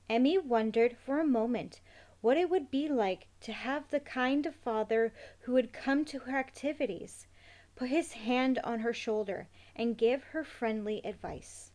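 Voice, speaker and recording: A woman reads a children's novel aloud in a measured, expressive way. Her voice sits a little higher than most women's, and the telling stays calm and even. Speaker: narrator. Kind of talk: scripted narration of a children's novel.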